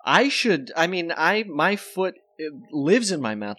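A man's voice: a little high, big pitch swings, bright, forceful tone, dry recording. A man hosting a podcast, rambling through casual comedic banter and laughing often. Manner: jokey, rambling, quick to laugh. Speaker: podcast host.

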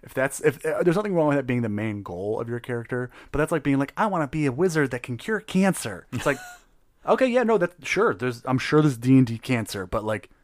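A game master chats casually, his pitch swinging in a lively way as he laughs often and swears freely. The sound is dry and close to the mic. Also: brisk, dry recording. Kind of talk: casual tabletop game chat.

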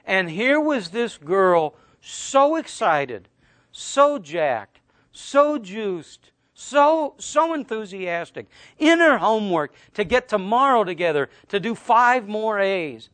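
Male preacher, middle-aged, high voice, emphatic and conversational. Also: sing-song, takes it slowly, a bit bright, no room sound. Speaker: pastor. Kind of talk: sermon.

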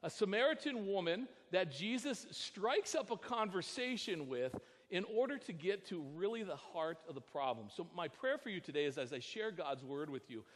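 An American man preaching a sermon as pastor, telling a personal story with animated voices for the dialogue. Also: high-pitched, normal speed, slight background noise. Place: church sanctuary. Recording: long church reverb.

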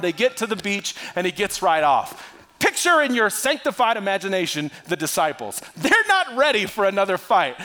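A male pastor preaching a sermon with animated delivery, swinging between loud bursts and hushed, quiet lines. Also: sits high.

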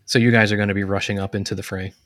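Low-voiced man running a tabletop game. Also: rapid-fire, dry recording, clean studio sound. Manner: relaxed, hesitant, lots of fillers. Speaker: game master.

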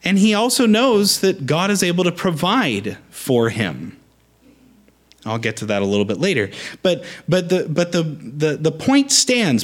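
A man preaching a conversational sermon, lively with frequent restarts. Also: on the high side.

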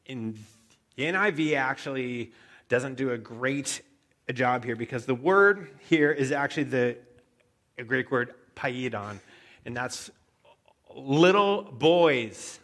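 A man preaching a sermon, telling a story with animated asides and frequent stammered restarts. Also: mid-range voice, a little slow. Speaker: pastor.

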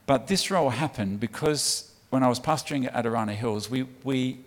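A church hall's long reverb surrounds a middle-aged English man of medium pitch and moderate pace. Visiting on behalf of a child sponsorship charity, he gives a chatty sermon talk to the congregation, often saying um and restarting sentences.

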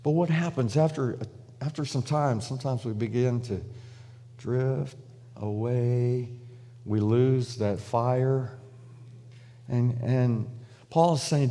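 A man's voice: medium pitch, slow pace, long pauses, warm tone, long reverb tail. A man preaching a sermon in a loose, conversational way, with frequent restarts and fillers, acting out prayers in paraphrase. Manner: acts out prayers and God's replies in paraphrase. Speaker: pastor.

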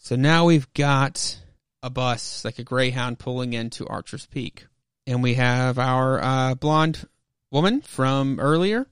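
A man's voice: mid-range voice, takes it slowly, clear, resonant tone, no echo, studio quality. A man hosting a podcast, casually retelling a comic book with many fillers and asides. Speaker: podcast host.

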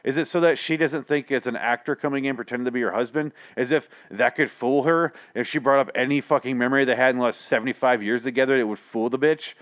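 A man's voice: medium pitch, steady tone, fast talker, few pauses, fairly bright tone. A tired man hosting a podcast, ranting about an episode in a rambling, profane, exasperated way. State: tired late at night. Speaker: podcast host. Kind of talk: casual podcast review rant.

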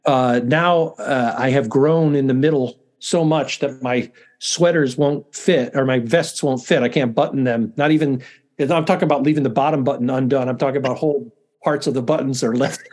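A man's voice: mid-range voice, fairly even intonation, normal speed, darkish tone. A middle-aged man, a university dean, chatting as a guest in a casual interview, self-deprecating and often restarting his sentences.

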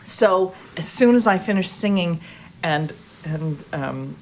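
A woman guest in an interview, telling a story in a lively way, often laughing and restarting her sentences. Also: on the low side, slow, a little hiss or hum. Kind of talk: conversational storytelling.

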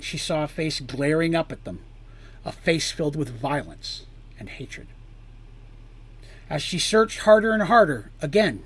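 A man reading a fantasy story aloud with drama, his voice sinking low and quiet on grim lines and lifting louder on tense ones. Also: slightly rough.

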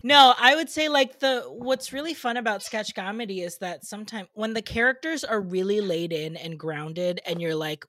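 A woman's voice: lowish voice, normal speed, hardly any pauses, a bit bright, dry recording. A woman hosting a podcast, chatting bubbly and casually about a film, with frequent laughs and likes. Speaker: podcast host. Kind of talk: casual pop-culture chat.

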